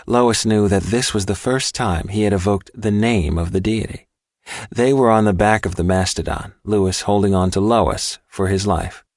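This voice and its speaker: A man narrating an audiobook in a measured, even reading. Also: fairly low pitch, dry recording, studio quality. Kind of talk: scripted narration.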